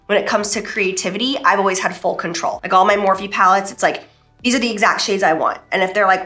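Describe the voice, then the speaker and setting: Bright, gushing woman showing products. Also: medium pitch, quick pace, soft background music. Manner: gushing and emphatic. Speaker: beauty vlogger and brand owner. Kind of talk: casual product presentation.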